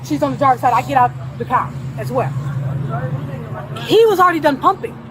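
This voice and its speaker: A woman at a gas station recounting an argument to a police officer in an animated way, acting out what was said. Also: high voice, fairly quick, noisy background. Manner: animated, acts out quoted dialogue. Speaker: complainant speaking to police. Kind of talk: agitated retelling to an officer. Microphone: police body camera.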